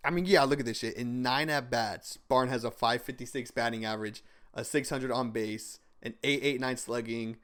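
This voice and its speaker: A man's voice: mid-range voice, fairly even intonation, normal speed, a bit bright. A stoned man giving rambling, joking, profane commentary over sports clips. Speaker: video host.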